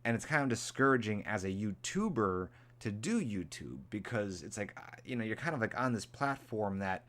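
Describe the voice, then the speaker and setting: A man's voice: sing-song, moderate pace, hardly any pauses, fairly bright tone. Rambling man chatting on a live stream. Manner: rambling, repeats himself, jumps to high mock voices when imitating angry people. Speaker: vlogger hosting a live stream. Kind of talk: casual live-stream chat.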